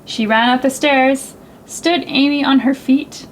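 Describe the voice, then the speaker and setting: A woman librarian reading a picture book aloud to children in a gentle, expressive, sing-song way. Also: high voice, a little slow, a little hiss or hum, rough recording. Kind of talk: storytime read-aloud for children.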